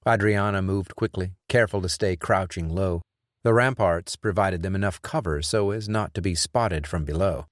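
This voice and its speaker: A man narrating an audiobook in a measured, even reading. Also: sits low, dry recording, studio quality. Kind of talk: scripted narration.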